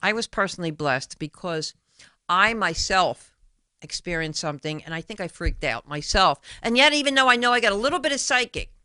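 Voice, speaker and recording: Bright-voiced woman talk show host. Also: medium pitch, a little fast, no echo. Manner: chatty storyteller who retells conversations. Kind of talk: solo radio talk show monologue.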